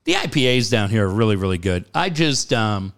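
A man co-hosting a casual chat, telling stories with lively jokes. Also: a little fast, clean tone. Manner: animated storyteller, jumps high in pitch when joking. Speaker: co-host.

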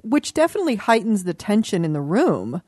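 A woman's voice: mid-range voice, sing-song, fairly quick, darkish tone, breathy edge, no room sound, clean studio sound. A woman hosting an interview, thoughtful and supportive, often chiming in to agree. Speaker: interviewer host. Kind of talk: casual interview chat.

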